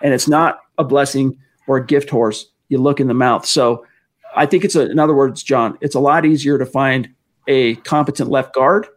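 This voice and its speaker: A man's voice: medium pitch, steady tone, moderate pace. A man co-hosting a casual sports talk livestream, chatting and reading out fan messages. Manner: chatty, answers fan questions, reads chat aloud. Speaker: podcast co-host.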